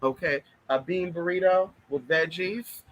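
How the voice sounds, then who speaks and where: A man's voice: on the high side, a little slow, muffled recording. A man chatting casually to camera in a sassy way, swearing a lot and calling everyone girl and honey. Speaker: vlogger.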